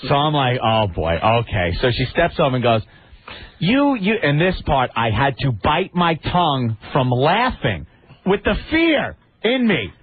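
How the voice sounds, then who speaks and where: A man on a talk radio show, telling a story with a lively, swooping voice and acting out each character. His voice sits a little high. The audio is narrow and tinny, like a phone line. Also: normal speed, slightly rough. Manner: animated, acts out the people in his stories.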